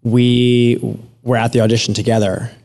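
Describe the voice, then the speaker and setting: A man, an actor guest on a radio show, telling stories in a relaxed, easygoing way. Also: medium pitch, normal speed. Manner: relaxed storyteller with fillers and soft laughs. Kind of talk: casual interview chat.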